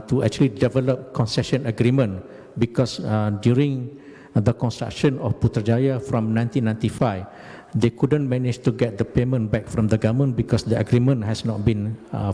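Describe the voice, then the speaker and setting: A man, giving a halting, deliberate lecture about his career. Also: mid-range voice, fairly even intonation, dark tone, in a large hall. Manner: halting, deliberate, frequent hesitations. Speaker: guest lecturer, company managing director.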